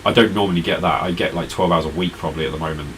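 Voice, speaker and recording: Tired, rambling deep-voiced man. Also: fairly even intonation, rapid-fire, fairly bright tone, slight background noise, rough recording. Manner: rambling, chatty, talks to viewers in chat. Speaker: retro gaming live streamer. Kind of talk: casual live-stream chat.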